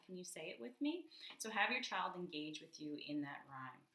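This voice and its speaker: A woman explaining how to teach children rhyme and sounds through storybook reading, reading lines aloud slowly and stretching the rhyming words. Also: fairly low pitch, sing-song, fairly bright tone. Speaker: literacy educator. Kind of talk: instructional demonstration with storybook reading. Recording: echoey room.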